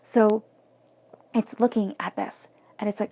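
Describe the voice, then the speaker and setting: A woman giving a tarot reading in a soft, flowing, reflective way, sometimes dropping to near-whispers. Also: mid-range voice, steady tone, measured pace, vocal fry, long pauses. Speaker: tarot reader.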